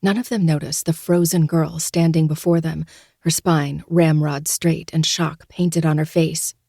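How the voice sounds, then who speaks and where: Low-voiced woman reading a novel aloud. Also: fairly even intonation, unhurried, vocal fry, warm tone, no room sound. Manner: dry, sardonic first-person reading. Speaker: podcast host reading a novel. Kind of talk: audiobook narration.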